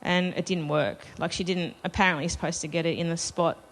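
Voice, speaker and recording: A woman's voice: on the low side, fairly even intonation, brisk, fairly bright tone, a little hiss or hum. A woman telling a personal story to a live festival audience, chatty and self-deprecating, laughing between lines. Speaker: festival panel speaker.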